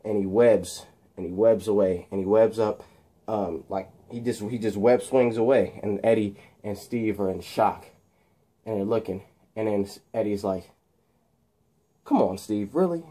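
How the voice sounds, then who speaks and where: A man's voice: fairly low pitch, steady tone, normal speed, warm tone. A young man casually retelling a film scene in a rambling way, full of restarts. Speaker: video creator.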